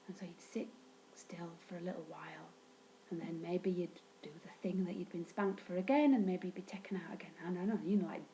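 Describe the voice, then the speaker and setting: Brief: woman vlogger, dry and sweary, mellow tone, faint hiss behind. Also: rough recording. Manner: wry, deadpan, sweary humor with sudden pitch jumps. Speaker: vlogger recounting childhood. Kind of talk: casual storytelling monologue.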